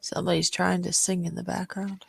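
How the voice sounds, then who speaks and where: A man's voice: high voice, level tone, a little fast, creaky, husky, no echo. A man in casual stream chat, answering with short, easygoing replies.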